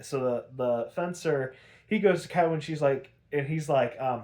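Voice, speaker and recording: A man's voice: fairly high pitch, moderate pace, darkish tone. A man hosting a podcast, recapping an episode in a rambling, profane, casual way, full of "like".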